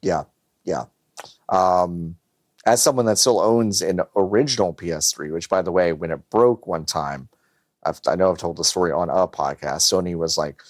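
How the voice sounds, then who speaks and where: A man's voice: sits low, moderate pace, no room sound, clean studio sound. A man co-hosting a podcast in casual chat, swearing freely and acting out voices. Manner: animated, swearing, acts out voices. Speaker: podcast co-host.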